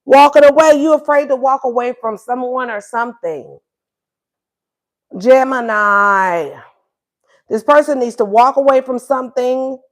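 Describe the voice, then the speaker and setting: Woman, tarot reader, sassy, high-pitched. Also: measured pace. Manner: sassy, acts out voices of both lovers. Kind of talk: casual tarot reading.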